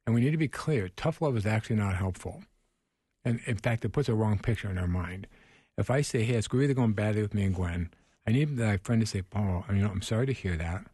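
A man who works as a counselor, a radio guest giving gentle, earnest advice and explaining patiently. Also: lowish voice, expressive, fairly quick, husky, no room sound, clean studio sound. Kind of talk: advice on a radio talk show.

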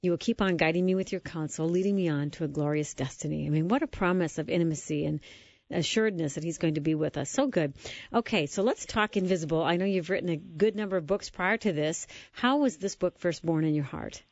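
A woman's voice: lowish voice, brisk, a little mellow, no room sound. A woman hosting a faith interview who speaks in a reflective, encouraging way and reads scripture aloud. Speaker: podcast host. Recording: dull lo-fi sound.

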